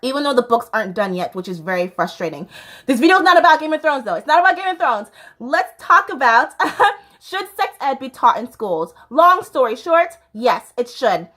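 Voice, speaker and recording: Bubbly high-voiced American woman vlogger. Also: sing-song, moderate pace, a bit bright. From United States. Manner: bubbly, chatty, laughs often, with fillers. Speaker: YouTube host. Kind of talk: casual vlog talk.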